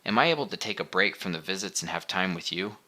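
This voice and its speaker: A man's voice: low voice, lively intonation, quick pace, bright, forceful tone, full character voice. A man reading the part of a confused adult son who has just awakened, asking earnest, puzzled questions in an audiobook.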